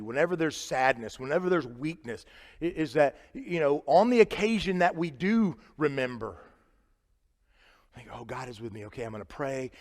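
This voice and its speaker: Male preacher, Midwestern American accent, fairly high voice, echoing church hall, conversational sermon. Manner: conversational, swings from loud emphatic to quiet and low. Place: church sanctuary. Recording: live church sanctuary with long reverb.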